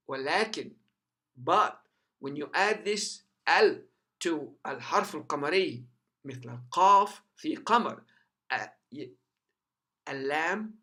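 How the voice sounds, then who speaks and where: A man with a bright, forward voice gives a lesson, saying each sound again and again so learners can copy it. His first language is Arabic. He stays patient and careful, and at times his voice sinks low and soft. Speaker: teacher.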